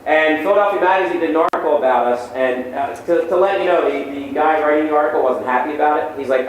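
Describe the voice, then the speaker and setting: A middle-aged man giving an energetic motivational lecture to students, firing off punchy lines and checking in with "okay?" again and again. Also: fairly high pitch, quick pace, few pauses, slight background noise. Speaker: motivational speaker. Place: large lecture hall. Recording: very echoey hall, distant mic.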